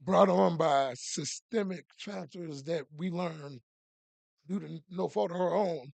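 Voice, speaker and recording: A man co-hosting a podcast in relaxed casual chat, slangy and full of shout-outs. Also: a little high, unhurried, gravelly, dry recording. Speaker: podcast co-host.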